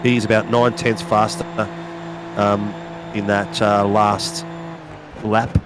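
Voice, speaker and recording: Give me a croaky man doing casual race commentary over loud car noise. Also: on the low side, flat delivery, takes it slowly. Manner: rambling, casual, jokey. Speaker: sim racing commentator.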